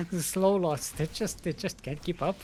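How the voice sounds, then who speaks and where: An esports caster giving live play-by-play, animated and laughing, with frequent hesitations. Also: medium pitch, unhurried, slight background noise. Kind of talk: live game commentary.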